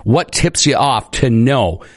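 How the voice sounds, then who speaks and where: A man's voice: mid-range voice, lively intonation, slow, no echo, studio quality. A man hosting a morning radio show, chatty and upbeat. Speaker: radio host.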